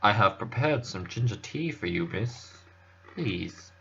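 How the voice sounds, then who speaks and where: Man doing a hushed, formal butler. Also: on the low side, lively intonation, a little slow, gravelly, husky, highs cut off, heavily acted. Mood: courteous. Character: deferential quiet older male butler.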